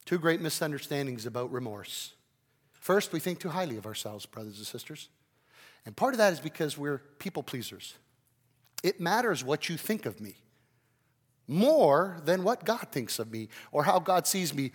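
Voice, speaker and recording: A man preaching a sermon with great energy, his volume swinging from loud to quiet. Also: fairly high pitch, very animated, normal speed, slightly rough, in a large hall. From Canada. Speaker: pastor.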